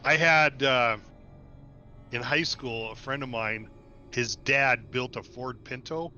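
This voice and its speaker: A man hosting a casual gaming livestream, talkative and quick to laugh as he explains things at length. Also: medium pitch, sharp tone, lo-fi sound, faint music behind. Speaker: livestream host. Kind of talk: casual gaming stream chat.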